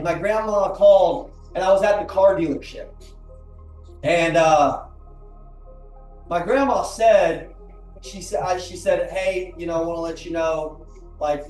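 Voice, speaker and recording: A man's voice: high voice, a little mellow. A man giving an emotional motivational talk, earnest, repeating his lines for emphasis, before an audience in a large room. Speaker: motivational speaker. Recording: roomy, from a distance, faint music.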